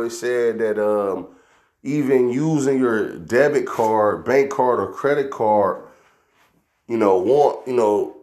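A man's voice: medium pitch, a little mellow. Preaching man in an echoey room. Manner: repeats "man" after nearly every phrase; reads verses slowly and deliberately. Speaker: street preacher. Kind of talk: preaching with scripture readings.

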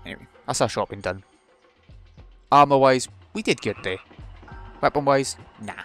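Wry british gamer guy, mid-pitched voice, faint game music behind. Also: normal speed. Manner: dry, wry asides with muttered remarks. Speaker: let's play host. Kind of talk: casual gameplay commentary.

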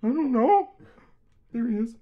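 A co-player in a gaming video, swearing and taunting the game at full tilt. The pitch bounces all over as the taunts pile up. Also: unhurried, phone-quality sound. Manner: excitable, loud trash-talking and cursing. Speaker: co-player taking a turn. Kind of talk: let's play commentary.

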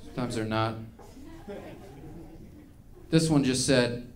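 A man's voice: a little high, moderate pace. A man performing a live stand-up set in a small venue, ranting and rambling with plenty of profanity. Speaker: stand-up comedian.

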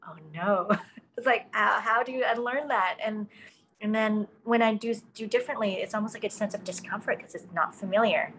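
A woman's voice: medium pitch, normal speed, a bit bright, a little hiss or hum, rough recording. Earnest woman podcast host. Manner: earnest, self-reflective, frequent fillers. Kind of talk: casual conversation.

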